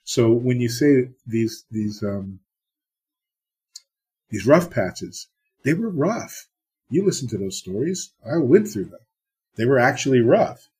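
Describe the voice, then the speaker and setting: Husky blunt man telling stories. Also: medium pitch, big pitch swings, takes it slowly, pauses often, a little mellow. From US East Coast. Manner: blunt, profane, acts out quoted exchanges. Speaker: TV producer. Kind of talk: casual storytelling interview.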